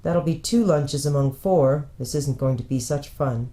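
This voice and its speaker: A woman voicing a steady, sensible eldest schoolboy with a measured, reasoning tone as she reads a storybook aloud. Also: low-pitched. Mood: matter-of-fact.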